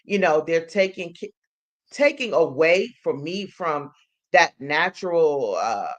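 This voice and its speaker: A woman's voice: deep voice, expressive, takes it slowly, muffled recording. A woman co-hosting a live stream, talking casually and thinking aloud as she goes. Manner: rambling, thinks aloud with um and you know. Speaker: co-host.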